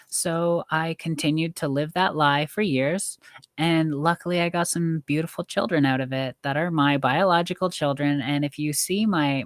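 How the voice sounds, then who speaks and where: Middle-aged woman guest, low-pitched, dry and close, earnest and reflective. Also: a bit bright, dry recording. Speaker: podcast guest. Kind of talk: casual interview chat.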